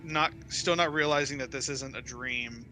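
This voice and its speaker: A man's voice: mid-range voice, normal speed, pushed and bright, slight background noise. A man playing a tabletop game, hesitantly describing his character's actions. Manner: hesitant, full of "like" and "kind of". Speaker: player.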